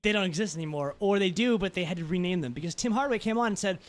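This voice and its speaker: A man's voice: high-pitched, very fast. A young man co-hosting a podcast, telling stories in a rambling casual way with many fillers. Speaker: podcast co-host. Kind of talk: casual chat.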